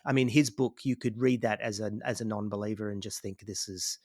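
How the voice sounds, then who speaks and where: A middle-aged man from Australia, a podcast guest talking casually, enthusiastic with halting restarts. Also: on the low side, fairly even intonation, darkish tone, no echo, studio quality. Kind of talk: casual conversation.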